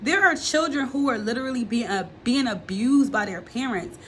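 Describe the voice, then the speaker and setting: A young woman recounts her story directly to her viewers, blunt and unfiltered, swearing freely. Her voice sits a little high and sounds bright and forceful. There is a faint hiss behind her. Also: expressive, moderate pace. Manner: blunt and profane, talking straight to viewers. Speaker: vlogger telling her life story. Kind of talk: candid confessional storytelling to camera.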